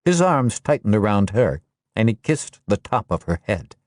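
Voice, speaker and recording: A man with a lowish voice narrates a war novel in a steady, measured way, letting his pitch move freely across each sentence. The sound is close and dry, with no room around it. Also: dry recording. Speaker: audiobook narrator. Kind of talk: scripted narration.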